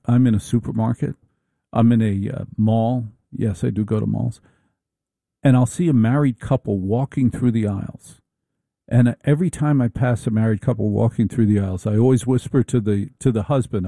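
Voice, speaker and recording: Gravelly, very dark-voiced middle-aged man. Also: mid-range voice, no echo. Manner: wry, rambling, halting restarts. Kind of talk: comedic monologue.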